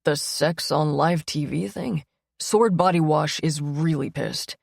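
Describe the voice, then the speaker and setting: Woman voicing a low, husky young man. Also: takes it slowly, dry recording, studio quality, full character voice. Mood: dismissive. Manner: low, quiet, clipped delivery. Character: brusque young man, a cranky boyfriend. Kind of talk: audiobook character voice.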